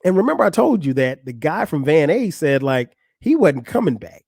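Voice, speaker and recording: Podcast guy spinning a wild story, lively swooping voice, kinda high, dry close sound. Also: normal speed, no room sound. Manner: animated, profane, acts out other people's lines. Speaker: podcast host. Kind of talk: storytelling monologue.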